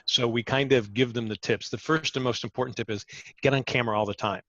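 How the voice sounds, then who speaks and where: A middle-aged former TV reporter, a guest in an interview, giving energetic conversational advice and often repeating words as he starts his sentences. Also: medium pitch, fast talker, no room sound, dull audio.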